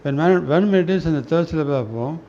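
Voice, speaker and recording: A man reading spiritual scripture aloud in a slow, halting way, often restarting words and clearing his throat. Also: a little high, lively intonation, dark tone. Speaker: reader of a spiritual newsletter. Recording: dull lo-fi recording with faint noise.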